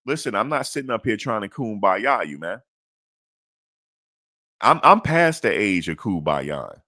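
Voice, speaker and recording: Deep-voiced blunt sports host, man. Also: unhurried, no echo, clean studio sound. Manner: preachy and blunt, swears, swings to high excited pitch. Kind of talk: emphatic sports talk monologue.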